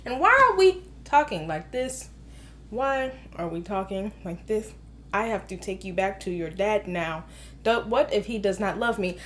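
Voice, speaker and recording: A woman mimicking stiff movie characters in a flat, robotic, lowered voice. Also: a little slow, a little hiss or hum. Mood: mocking.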